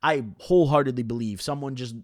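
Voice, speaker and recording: A young man telling a story to his viewers in a rambling, profane, animated way with many fillers. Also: mid-range voice, fast talker, no echo, studio quality. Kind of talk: casual storytelling to camera.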